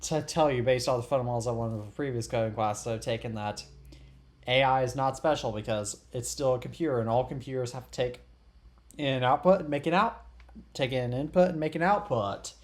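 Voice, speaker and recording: A man's voice: mid-range voice, brisk. A teenage boy hosting a casual tech podcast, rambling with many restarts and dry sarcastic quips. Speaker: podcast host.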